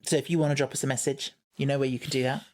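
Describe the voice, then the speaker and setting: A man's voice: medium pitch, little pitch movement, rapid-fire, darkish tone. A man co-hosting a casual podcast chat, reading listener messages aloud. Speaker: podcast co-host.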